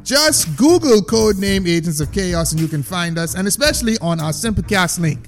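A man hosting a casual podcast, stammering and repeating words as he goes. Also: high voice. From Bahamas. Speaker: podcast host.

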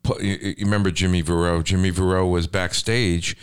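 A man hosts an interview in a chatty, easygoing way, slipping in brief questions and facts of his own. His voice sits very low. He talks like someone comfortable across the table from his guest. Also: little pitch movement, brisk, smooth. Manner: chatty, adds facts and asks short questions. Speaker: interview host. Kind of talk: conversational interview.

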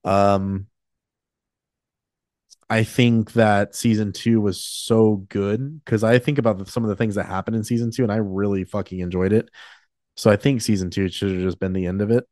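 A man's voice: on the low side, fairly even intonation, moderate pace, darkish tone, dry recording, studio quality. A man in his late twenties hosting a podcast, talking candidly in a rambling, casual way with many fillers and restarts. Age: 20s. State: emotional, choked up. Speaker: podcast host.

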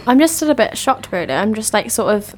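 A woman's voice: on the high side, sing-song, fairly quick, a little hiss or hum. A woman in casual podcast chat, speaking hesitantly and thoughtfully with many restarts. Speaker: podcast co-host.

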